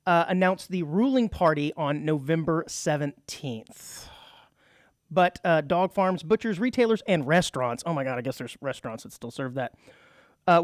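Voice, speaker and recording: A man's voice: a little high, dry recording, studio quality. A man co-hosting a community radio talk show, chatting and joking while reading out news items. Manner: chatty, jokey, reads news items aloud. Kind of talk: casual studio chat. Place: radio studio.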